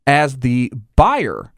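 A man's voice: medium pitch, creaky, no room sound, studio quality. A man who runs a gun store, talking casually in rambling restarts and acting out little scenes with other people's voices. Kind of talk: casual conversation.

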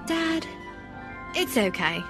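Casting: woman voicing a bright, earnest little boy for a storybook. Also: high voice, big pitch swings, slow pace, music in the background, voice pushed up, full character voice. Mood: cheerful. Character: young boy, cheerful and earnest.

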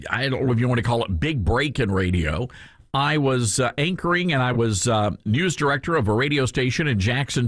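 A man with a Southern US accent hosts a talk radio show and tells his stories in a loose, rambling way, full of ums and false starts. His pitch rises and falls a great deal as he goes. The studio sound is dry and close. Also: a bit bright, no echo. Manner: rambling storytelling with many fillers and restarts. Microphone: studio microphone.

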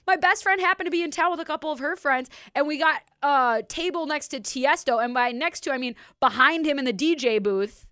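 A woman co-hosting a sports talk show in a chatty, animated manner who laughs often. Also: high-pitched, fairly quick, no echo, studio quality. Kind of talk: casual sports talk chat.

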